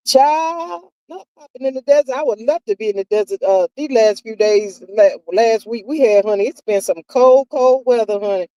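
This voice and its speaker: A woman's voice: on the high side, measured pace, dark tone, no echo, rough recording. A woman, hosting a live stream and gossiping casually with viewers, sassy and drawling, calling everyone child and honey. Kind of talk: casual gossip chat reading viewer comments.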